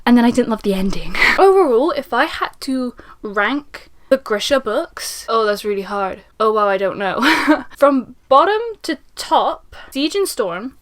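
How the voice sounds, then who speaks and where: A young woman giving a casual spoken book review, chatty and animated, laughing often. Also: a little high, unhurried.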